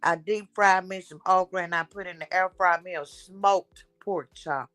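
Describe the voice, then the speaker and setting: A woman hosting a casual chat, blunt and animated as she gossips. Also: on the low side, normal speed, no echo, soft background music. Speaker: show host.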